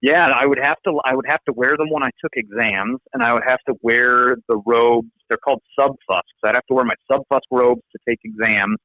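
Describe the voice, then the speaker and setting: A man's voice: mid-range voice, a little fast, few pauses, no room sound, poor audio. A man with an American accent, a law professor being interviewed, telling stories animatedly and often restarting phrases. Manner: animated, restarts phrases, voices others in quotes. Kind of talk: conversational interview storytelling.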